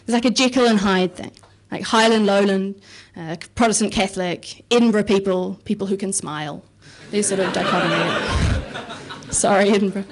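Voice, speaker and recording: A woman's voice: mid-range voice, steady tone, normal speed, background noise. A woman performing a self-mocking stand-up set on a comedy club stage, chatty and casually swearing. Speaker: stand-up comic and researcher.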